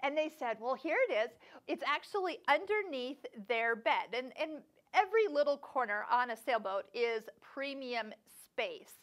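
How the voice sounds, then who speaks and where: Lively high-voiced woman vlogging. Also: normal speed. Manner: chatty, laughs often, acts out quoted voices. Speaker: sewing channel host. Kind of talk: casual vlog storytelling.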